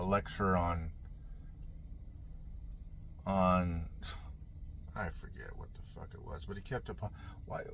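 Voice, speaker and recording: A man's voice: lowish voice, a bit bright, a little hiss or hum. A man, a combat veteran, ranting with heat and heavy profanity, often breaking off and restarting his sentences. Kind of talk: angry political rant.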